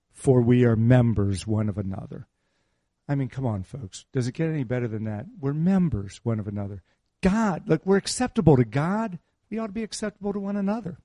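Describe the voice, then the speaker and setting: A man's voice: fairly high pitch, a little mellow, no echo, clean studio sound. A middle-aged man preaching a sermon in a conversational, teasing way, repeating his key phrases. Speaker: pastor.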